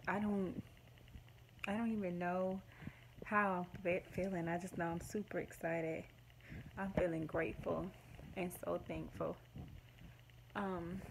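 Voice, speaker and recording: A vlogger in her late twenties talks to her phone camera at home in a casual to-camera vlog, gushing to viewers in an emotional, rambling way. Her voice is on the low side, and the background is noisy.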